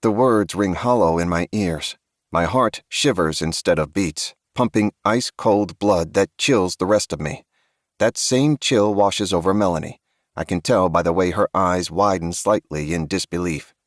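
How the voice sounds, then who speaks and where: Male audiobook narrator, very low voice, dry close sound, grave and tense first-person horror reading. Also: measured pace, dry recording.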